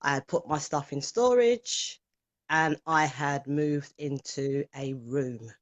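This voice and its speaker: A woman guest recounting her own story in an interview, halting and soft as she searches for words. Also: sits low. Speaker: guest, former client. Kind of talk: personal testimony in interview.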